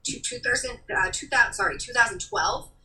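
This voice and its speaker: A woman hosting a casual podcast conversation, who talks earnestly and animatedly in quick rushes. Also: a little high, huge pitch swings, vocal fry, pushed and bright. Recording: voice a bit distant from the mic.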